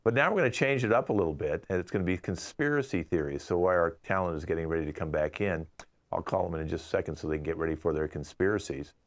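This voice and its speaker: A man hosting a live online improv show, running the games with brisk, playful banter over a video call. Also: low-pitched.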